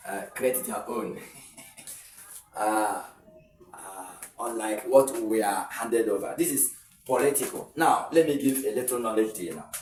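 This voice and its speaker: A man's voice: lowish voice, unhurried, darkish tone, recorded from a distance, a little hiss or hum. Nigerian man tutoring in an echoey room. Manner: explaining step by step, repeats points, chuckles. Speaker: exam tutor. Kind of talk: video lesson.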